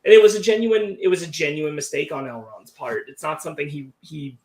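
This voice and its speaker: A man's voice: on the high side, brisk, roomy sound, crowd noise. A man co-hosting a podcast, talking through his ideas in a thoughtful, analytical way in a casual discussion. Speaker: podcast co-host.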